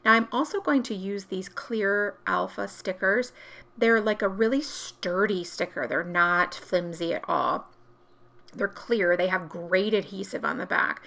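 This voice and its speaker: A woman vlogger walks through a planner crafting project in a casual, chatty way, stopping to correct herself as she works. Her voice is bright and forward, with a gravelly, creaky texture. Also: mid-range voice, measured pace.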